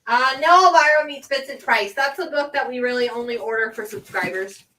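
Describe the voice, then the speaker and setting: A woman co-hosts a live comic sale. She reads out buyers' claims plainly and casually, in a bright, slightly high voice. She sits away from the mic, with faint noise of the shop behind her. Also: moderate pace, far from the mic, poor audio. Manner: matter-of-fact relaying of buyers' claims. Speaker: co-host reading out claims. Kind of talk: casual chat.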